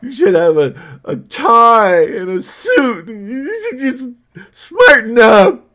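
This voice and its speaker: A man putting on the voice of a shrill, scolding critic who nags him to wear a suit and tie, in a mocking, whiny shout. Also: sing-song, slow, exaggerated voice. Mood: nagging.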